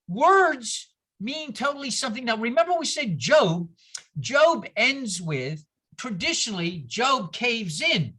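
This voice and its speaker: A man with a bright, forceful tone gives an informal teaching talk to a congregation. He is animated, jumping in pitch for emphasis, and keeps breaking off into asides while asking the room rhetorical questions. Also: breathy edge. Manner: animated, jumps in pitch for emphasis, frequent asides and self-interruptions; asks the audience rhetorical questions.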